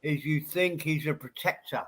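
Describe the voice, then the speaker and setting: A man with an English accent in a casual live stream chat, slowly giving his view with hesitations and coughs. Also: on the high side, a crowd in the background. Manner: slow, hesitant, thoughtful, clears throat and coughs.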